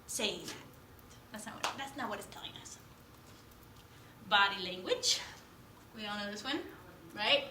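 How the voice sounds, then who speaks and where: A woman instructor lectures at a rapid clip, bright and energetic, tagging her points with "right?". She is recorded in an echoey classroom with a faint hum of noise behind her. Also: a little high. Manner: fast-talking, animated, keeps asking "right?".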